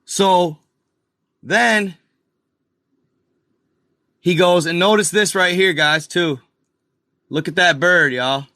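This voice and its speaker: Slow-talking man with a bright, dry voice. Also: high voice, dry recording. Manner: talks to viewers as "y'all", restarts often, frustrated asides. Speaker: video host. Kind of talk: casual screen-share commentary.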